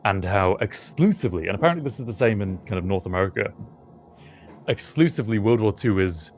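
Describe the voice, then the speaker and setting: A man's voice: lowish voice, expressive, fast. A British man co-hosting a podcast, musing through a casual chat. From United Kingdom. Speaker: podcast co-host.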